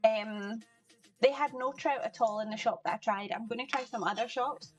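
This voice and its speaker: A fairly high-pitched woman chats easily with her viewers during a live cooking stream at home, greeting people by name and laughing often. Faint music plays softly behind her. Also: normal speed, lo-fi sound. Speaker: livestream cooking host. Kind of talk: casual chat with viewers while cooking. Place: home kitchen.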